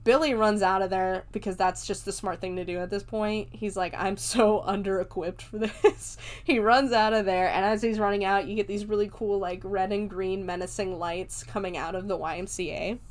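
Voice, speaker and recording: A woman's voice: medium pitch, fairly even intonation, a little fast, hardly any pauses. A woman hosting a podcast, retelling a film in casual, chatty talk, laughing often and swearing freely. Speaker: podcast host. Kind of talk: casual movie review chat.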